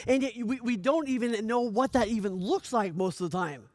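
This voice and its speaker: A man giving a motivational coaching speech, energetic, often asking "right?" and acting out little dialogues. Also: very high-pitched, a little fast, hardly any pauses, no room sound. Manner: energetic, repeats "right?" often, stammers on restarts; acts out dialogue in lively voices. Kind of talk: motivational talk.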